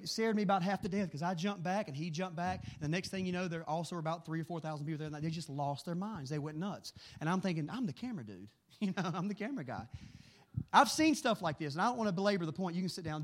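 A middle-aged man preaching a sermon, telling animated stories in a quick, excitable way. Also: a little high. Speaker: pastor.

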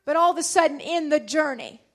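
A woman preaches a sermon in a high, bright voice. She throws her words out to the congregation with fervor, then drops to a near hush before rising again. Her delivery is full of passion. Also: a little fast. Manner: impassioned, swinging between loud and hushed; calls out to the congregation.

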